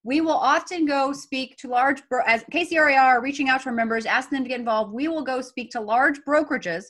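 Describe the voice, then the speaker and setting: A woman's voice: high-pitched, a little fast, fairly bright tone. A woman hosting a casual panel discussion, making her points emphatically. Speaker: podcast host.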